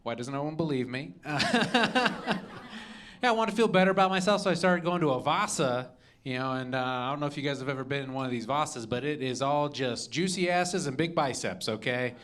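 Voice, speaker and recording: A man's voice: mid-range voice, a little fast, a bit bright. A young man doing stand-up on a comedy club stage, punchy, with "okay?" after each joke. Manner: punchy, adds "okay?" and "all right?" after jokes.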